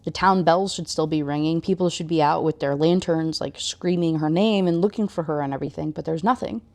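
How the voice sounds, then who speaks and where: A woman's voice: sits low, a little fast, darkish tone. A woman and book reviewer recapping a novel in a casual, enthusiastic way, full of fillers.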